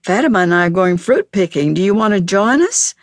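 A woman's voice: medium pitch, animated, brisk, no room sound, close to an everyday voice. An eager, friendly young monkey calling out to a pal, voiced by a woman reading a storybook. Dry and close to the mic. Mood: cheerful.

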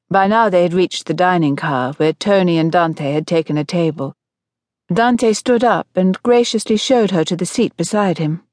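A woman narrating a contemporary romance audiobook in a measured storytelling voice. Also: fairly low pitch, darkish tone, dry recording, clean studio sound. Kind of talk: scripted narration.

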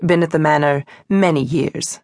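A frigid, stern suffragist leader with a cold, clipped and emphatic delivery, as a woman narrator puts her on. The voice sits fairly low, and the storybook reading is close and dry. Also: steady tone, moderate pace, a little mellow, no echo.

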